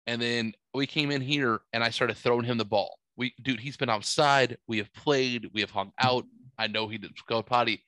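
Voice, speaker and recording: A man's voice: medium pitch, normal speed, dry recording, rough recording. A man in his forties telling a long story in casual chat, rambling and full of swearing. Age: 40s. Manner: profane, rambling, animated storyteller.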